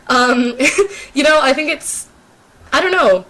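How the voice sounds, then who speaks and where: A woman's voice: high-pitched, a little slow, pushed and bright. Sick teenage girl rambling to camera. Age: teens. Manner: rambling, self-deprecating, many fillers. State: sick, sore throat. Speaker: YouTuber. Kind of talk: casual unscripted chat to camera.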